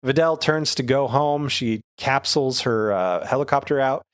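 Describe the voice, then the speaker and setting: A man's voice: mid-range voice, moderate pace, no room sound. Man, podcast co-host, chatty and joking, mid-range voice, dry close mic. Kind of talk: casual chat recapping a cartoon.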